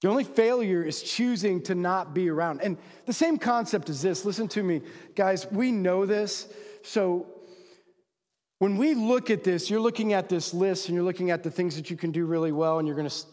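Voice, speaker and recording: A man preaching a sermon to men, casual and conversational, throwing rhetorical questions to the crowd and acting out quoted voices. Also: a little mellow. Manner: acts out quoted voices with big pitch swings. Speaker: pastor. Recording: long hall reverb.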